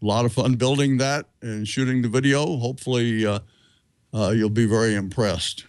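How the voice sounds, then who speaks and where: Steady male host reading announcements. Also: medium pitch, normal speed, no room sound. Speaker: show host. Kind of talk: scripted announcements.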